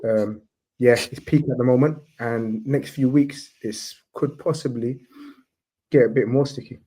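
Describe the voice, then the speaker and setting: Mellow-voiced young man talking football. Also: medium pitch, steady tone, a little slow, husky, poor audio. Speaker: football pundit and Liverpool fan. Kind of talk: casual football debate.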